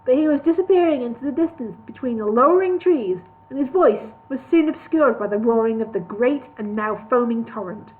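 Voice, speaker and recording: A woman narrating a comic fantasy novel aloud, relaxed, with the odd slip and restart. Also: a little high, fairly quick, hardly any pauses. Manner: relaxed reading with slips and restarts. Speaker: reader of a parody novel. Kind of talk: storybook narration read live. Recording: tinny phone-like sound.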